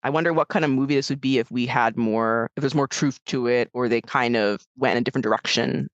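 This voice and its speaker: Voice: mid-range voice, quick pace, no echo, lo-fi sound. A podcast co-host chatting casually about a film, with lots of fillers and restarts. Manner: filler-heavy, animated, frequent "like". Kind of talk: casual conversational film discussion.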